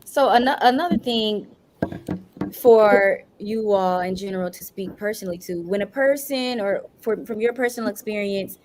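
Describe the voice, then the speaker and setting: A woman's voice: medium pitch, normal speed, darkish tone, slight background noise. A woman moderating a podcast panel, posing a long, searching question that loops and rephrases as she goes.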